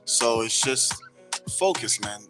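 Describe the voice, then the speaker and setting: A man's voice: mid-range voice, expressive, slow, over music. A man being interviewed on a radio show, talking casually and with enthusiasm. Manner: enthusiastic, repeats "yeah" a lot. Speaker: guest, party promoter.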